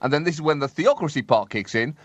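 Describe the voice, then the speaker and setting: Sardonic male comedy co-host, lively higher voice, dry close mic. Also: fast, dry recording. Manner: sardonic, animated, laughs through his lines. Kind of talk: satirical comedy banter.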